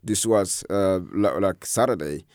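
Low-voiced man, halting speech. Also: a little mellow, clean tone, dry recording, studio quality. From Democratic Republic of Congo. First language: not English. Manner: halting, many fillers and restarts. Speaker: guest. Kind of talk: storytelling interview.

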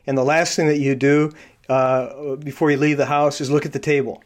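Pria pembawa podcast yang banyak jeda. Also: male voice, on the high side, level tone. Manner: halting, many fillers and restarts; explains behavior traits in a coaching tone. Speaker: podcast host. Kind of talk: casual interview.

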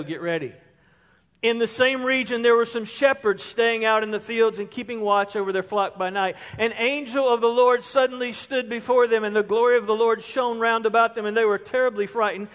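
A man's voice: high voice, fairly bright tone. A man preaching a sermon as pastor, reading scripture aloud and pressing hard on key words. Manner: emphatic, rising to stress key words. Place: church sanctuary. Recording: long reverb of a church hall.

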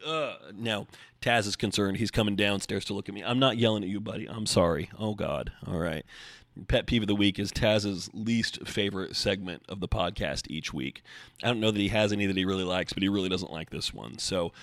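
A man's voice: fairly low pitch, a little fast, a bit bright, dry recording. A man hosting his own podcast from home, talking alone in a blunt, profane, ranting way. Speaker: podcast host. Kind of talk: solo podcast monologue.

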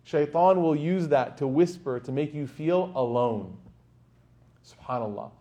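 A man giving a sermon to a live audience in a lecture hall, in an animated storytelling manner, acting out the quoted voices. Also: fairly high pitch, measured pace, muffled recording. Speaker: Islamic lecturer.

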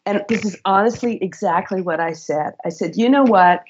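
Husky-voiced woman telling work stories. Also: medium pitch, normal speed, lo-fi sound. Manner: animated, laughs while telling stories. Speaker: guest, former HR executive. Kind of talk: conversational interview storytelling.

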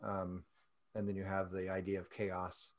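A man leads a Bible study as casual chat, thoughtful and chatty, often breaking off mid-thought and interrupting himself. His voice is deep, monotone and unhurried.

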